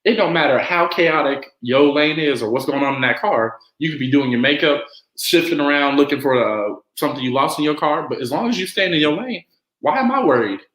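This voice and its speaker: A man's voice: fairly high pitch, expressive, a little fast, a bit bright. Easygoing man, roomy echo. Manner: easygoing storyteller, acts out quotes. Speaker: podcast guest. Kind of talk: casual podcast chat.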